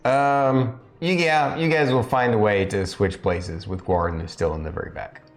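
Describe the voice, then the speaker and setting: A man's voice: mid-range voice, steady tone, moderate pace, soft background music. A man narrating a tabletop game as game master, with laughing, rambling asides.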